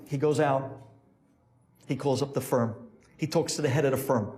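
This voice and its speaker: A man's voice: mid-range voice, fairly even intonation, normal speed, pauses often, darkish tone. A man telling a story dramatically as a Torah teacher in a lecture.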